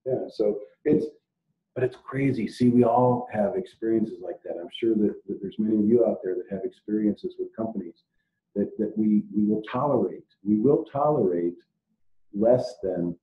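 A man co-presenting a salon business webinar, chatting in a relaxed way with frequent restarts. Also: lowish voice, normal speed. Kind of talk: casual webinar discussion. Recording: echoey, phone-like sound from across the room.

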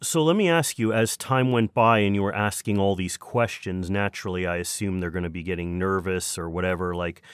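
Low-voiced joking podcast host. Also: male voice, brisk, few pauses, clean tone, no echo, studio quality. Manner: playful, jokey interjections. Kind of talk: casual interview chat.

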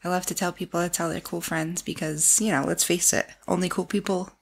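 A woman's voice: on the low side, fairly even intonation, brisk, creaky, breathy edge. A young woman co-hosting a podcast in casual chat, rambling with lots of "like". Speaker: podcast co-host.

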